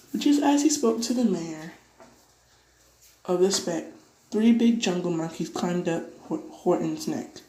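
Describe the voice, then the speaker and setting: A woman reading a children's storybook aloud, giving the characters livelier, higher voices. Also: moderate pace, roomy sound, poor audio. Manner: lively, voices dialogue with pitch jumps. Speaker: audiobook reader. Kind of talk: read-aloud storybook narration.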